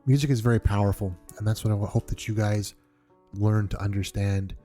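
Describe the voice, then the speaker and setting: A man's voice: lowish voice, fairly even intonation, a little fast, warm tone, faint music behind. A man from New York hosting a podcast, talking earnestly and reflectively in an unscripted monologue, often restarting his sentences. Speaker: podcast host.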